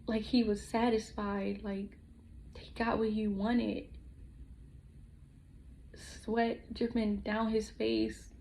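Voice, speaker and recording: Hushed, gravelly-voiced young woman. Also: mid-range voice, a little hiss or hum, poor audio. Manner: halting, with frequent restarts and pauses; soft and hushed, dropping at times to a whisper. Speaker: vlogger. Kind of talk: personal storytime vlog.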